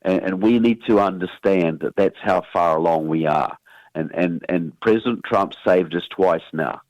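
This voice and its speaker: Deep-voiced New Zealand man, emphatic. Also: moderate pace, a little mellow, no room sound, muffled recording. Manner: emphatic, repeats words as he builds a point. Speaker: guest expert. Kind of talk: radio interview.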